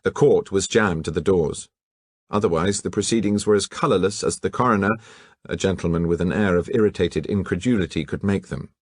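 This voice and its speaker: A man reading a mystery novel aloud in a measured, expressive way. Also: low voice, dry recording. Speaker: audiobook narrator. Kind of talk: scripted narration.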